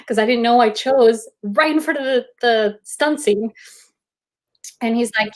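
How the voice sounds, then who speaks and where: A woman guest on a video-call interview, telling an animated anecdote and acting out quotes. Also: unhurried, pauses often. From United States. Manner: animated, acts out quotes in high voices. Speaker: guest actor. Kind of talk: casual storytelling.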